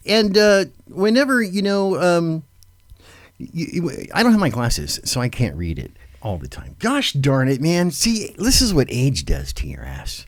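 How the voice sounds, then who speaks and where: A man's voice: on the high side, wildly swooping pitch, unhurried, no room sound, clean studio sound. A middle-aged man hosting a live talk show in a loose, swearing manner, laughing often. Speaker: host. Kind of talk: casual live commentary.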